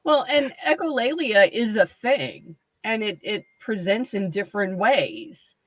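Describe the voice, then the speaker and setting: A woman's voice: medium pitch, animated, unhurried, dry recording. A woman with a Virginia accent, chatting casually about voice acting on a gaming stream. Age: older than the others. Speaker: player on a tabletop game stream. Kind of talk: casual chat.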